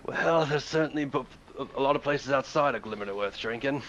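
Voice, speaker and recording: A man playing a tabletop game, speaking in character in a relaxed, rambling way. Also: mid-range voice, moderate pace. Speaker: player. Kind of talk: in-character role-play. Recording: dull mic with faint noise.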